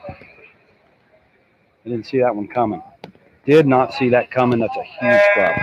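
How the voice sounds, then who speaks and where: A man announcing a swim meet live, excitable and chatty, joking between events. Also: mid-range voice, unhurried, pauses often, rough recording. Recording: crowd clearly heard behind. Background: crowd of spectators.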